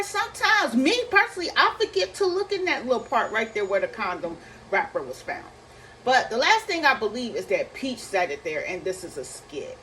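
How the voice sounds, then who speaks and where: A woman giving casual reaction commentary, animated, acting out quotes and repeating herself. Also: high-pitched, a little hiss or hum, low-quality recording. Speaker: commentary vlogger.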